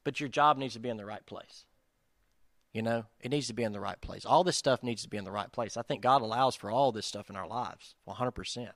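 A man's voice: medium pitch, brisk, fairly bright tone, dry recording, clean studio sound. A man preaching in a casual, conversational style, self-deprecating and speaking straight to the listeners. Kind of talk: conversational sermon.

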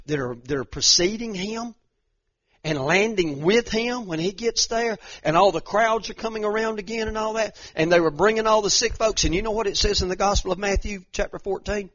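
Preacher with a muffled sound. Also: male voice, high-pitched, brisk, dry recording. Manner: swings from hushed storytelling to loud, rising exhortation. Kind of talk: sermon.

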